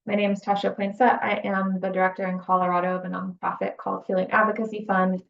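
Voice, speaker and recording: A woman's voice: medium pitch, flat delivery, quick pace, gravelly, slight background noise. A woman, a nonprofit director, presenting on a video call in a plain, organized way. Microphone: computer mic on a video call. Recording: dull, lo-fi call audio.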